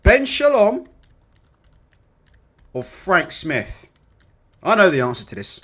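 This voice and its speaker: A man hosting a casual boxing livestream in an animated, bantering way, swearing freely. His pitch sits a bit high for a man and swings widely from line to line. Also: slow. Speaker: boxing channel host.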